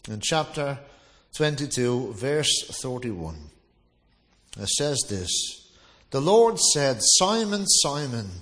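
A man preaching a sermon in a conversational, anecdotal way, now and then acting out the voices of people he quotes. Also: fairly high pitch. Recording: long reverb of a large hall.

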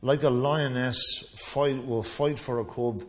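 Conversational preacher in a reverberant hall. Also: male voice, medium pitch, fairly even intonation, a little slow. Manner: conversational, anecdotal, acts out quoted voices. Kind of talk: sermon. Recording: long reverb of a large hall.

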